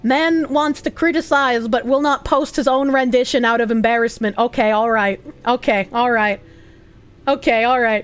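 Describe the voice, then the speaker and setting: A woman's voice: fairly high pitch, steady tone, moderate pace, soft background music. A woman streamer chatting casually and bluntly as she reacts to posts, swearing freely and laughing often.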